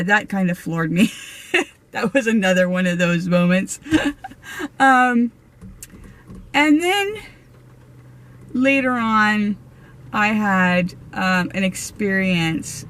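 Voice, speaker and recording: A woman vlogger and medium telling her ghost stories in a casual, animated way, laughing often and restarting her sentences. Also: medium pitch. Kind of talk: casual storytelling to camera.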